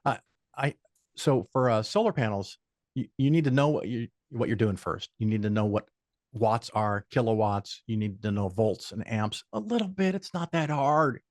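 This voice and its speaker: An older man speaking as a podcast guest, blunt and opinionated, with casual swearing in his storytelling. His voice sits at a middle pitch for a man. It is recorded dry and close, with no room sound. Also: normal speed, a little mellow, no room sound. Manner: blunt and profane; opinionated, lays out firm rules.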